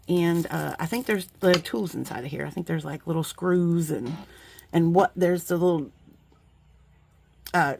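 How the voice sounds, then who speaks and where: A middle-aged woman vlogger chatting casually while unboxing craft supplies, effusive and quick to laugh, often trailing off mid-sentence. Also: lowish voice, gravelly, a little hiss or hum.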